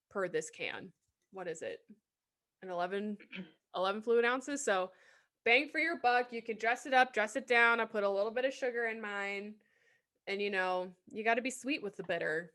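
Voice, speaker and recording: Young woman cohost, kinda high voice, blunt, swears a lot, joking around. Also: fairly bright tone. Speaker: podcast co-host. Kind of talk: casual chat.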